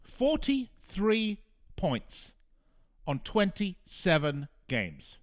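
A man's voice: high-pitched, wildly swooping pitch, very slow. A male soccer radio host giving a frustrated, emphatic talk monologue, repeating phrases for punch. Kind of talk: opinionated sports talk monologue.

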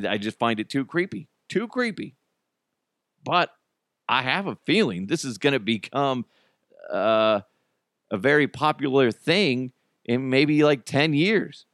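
A man's voice: mid-range voice, lively intonation, a little slow, long pauses, fairly bright tone, dry recording, clean studio sound. A man hosting a podcast in a casual comedic monologue, joking and often laughing. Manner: jokey, laughs often, restarts. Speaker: podcast host.

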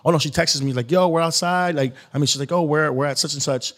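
A man's voice: mid-range voice, fast. A man guest on an interview show, telling a long casual story with lots of filler and acted-out quotes. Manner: rambling, animated, acts out quotes. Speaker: guest, skit creator.

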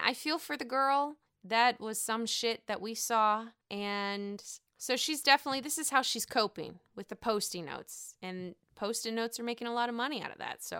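A woman casually recapping a reality show episode, blunt and profane, talking in an animated way. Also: a little high, smooth, no room sound, clean studio sound.

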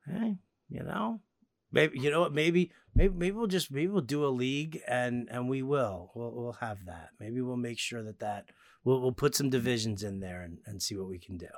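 A man's voice: mid-range voice, moderate pace. A man hosting a podcast in casual chat, loose and profane, trailing off and repeating himself. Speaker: podcast host.

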